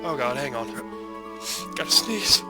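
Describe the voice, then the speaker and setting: Loud joking let's play guy. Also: medium pitch, sing-song, unhurried. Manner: crude, loud, joking asides. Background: game music.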